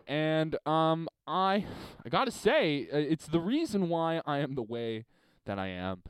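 A man's voice: on the high side, sing-song, measured pace, clean tone, no room sound, clean studio sound. A man hosting a solo podcast from a basement, reading listener emails in a crude, sarcastic, rambling rant. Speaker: podcast host.

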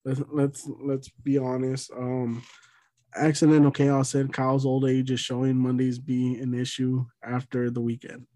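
A man's voice: mid-range voice, monotone, a little slow, mellow, no room sound. A man in his twenties co-hosting a podcast, laid-back and laughing often, swearing freely in casual chat. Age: 20s. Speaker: podcast co-host.

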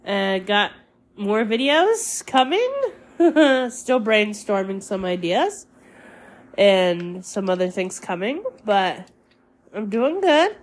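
A woman's voice: medium pitch, very animated. A young woman hosting her own podcast, chatting casually and rambling with fillers, sounding a little congested. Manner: slow, rambling, with many fillers and laughs. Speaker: podcast host. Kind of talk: casual solo podcast chat.

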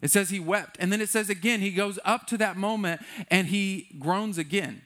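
A man's voice: sits high, normal speed, fairly bright tone. A man preaching a sermon in a loose, conversational way, often acting out what people in the story say. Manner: conversational, playful, acts out quotes. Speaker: pastor.

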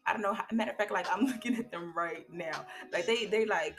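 A woman's voice: medium pitch, a little fast, over music. Candid woman preaching self-motivation. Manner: candid, colloquial, preachy storytelling. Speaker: podcast host. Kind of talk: casual motivational talk.

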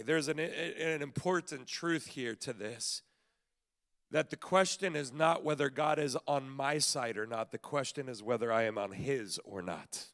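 A man pastor giving a sermon at a church service in a lively, conversational way, with frequent stammered restarts. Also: medium pitch, unhurried.

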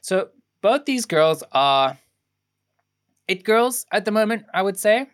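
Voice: mid-range voice, big pitch swings, slow pace. This is a young adult co-host of a casual film review podcast, sharing production trivia in a loose, rambling way. The delivery is full of ums, self-corrections and restarts, as if piecing facts together while talking.

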